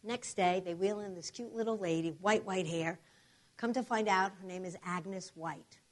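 A woman preacher telling a testimony in an animated storytelling manner, acting out the other voices. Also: mid-range voice, moderate pace. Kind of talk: sermon testimony.

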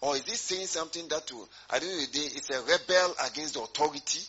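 Bright-voiced preacher, dull recording. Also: male voice, a little high, fast talker. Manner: rhetorical questions to congregation, emphatic. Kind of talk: sermon.

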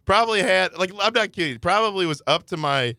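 A man's voice: high voice, animated, a little fast, sharp tone, no room sound, clean studio sound. A man co-hosting a podcast, telling a rambling anecdote in casual chat and laughing often. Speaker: podcast co-host.

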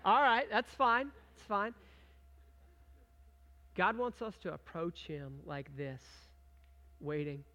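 This pastor's voice is high, sing-song and sharp, going slowly with long pauses, and the audio sounds dull. He reads scripture with rising emphasis, speaks conversationally with the congregation, and asks questions to draw them in.

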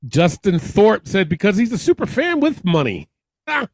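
A man's voice: high voice, sing-song, moderate pace, no room sound. A man hosting a wrestling podcast, reading out listener comments and laughing often between them. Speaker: podcast host. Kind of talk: casual chat.

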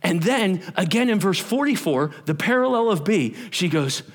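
High, lively man preaching a sermon. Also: moderate pace. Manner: energetic, conversational, jokes with the audience. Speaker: pastor. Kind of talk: youth camp sermon.

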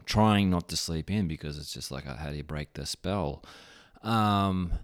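A man's voice: deep voice, clear, resonant tone. An Australian man hosting a podcast, jet-lagged and telling a rambling, self-mocking story in casual chat. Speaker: podcast host.

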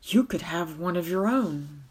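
A woman voicing a calm, crafty young boy who speaks quietly and persuasively. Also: fairly low pitch, unhurried, husky.

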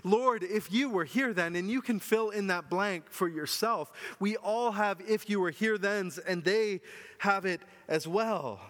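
A man preaching a sermon as pastor, earnest and often dropping to a soft, low voice. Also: unhurried. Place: church hall. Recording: long hall reverb.

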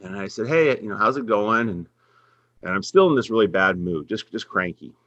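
Earnest and animated, a middle-aged Minnesotan who coaches women's basketball as head coach tells a long faith-centered story as a podcast guest, livening up when he quotes people. He speaks at a moderate pace in a fairly low yet bright, forceful voice, recorded dry and a little muffled with no room sound.

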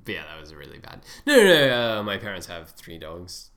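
Co-host: English man, accent drifting American, deep low voice, teasing banter. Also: very animated, fairly quick, a bit bright. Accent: Southern English mixed with American. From England. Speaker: podcast co-host. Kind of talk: casual chat.

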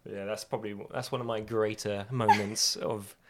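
A man's voice: fairly low pitch, flat delivery, normal speed, fairly bright tone. A young man co-hosting a podcast, chatting casually, laughing a lot and swearing freely. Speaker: podcast co-host. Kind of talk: casual chat.

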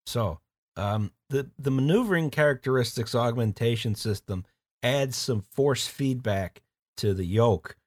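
A man's voice: medium pitch, measured pace, no echo. A man co-hosting a casual podcast, explaining things plainly with dry jokes. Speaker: podcast co-host. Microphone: remote call mic.

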